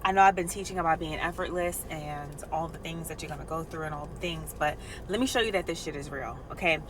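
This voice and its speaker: A woman's voice: sits low, quick pace, background noise. A woman talking frankly and emphatically to her viewers in a casual vlog, swearing freely, recorded in a car. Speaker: nurse and vlogger.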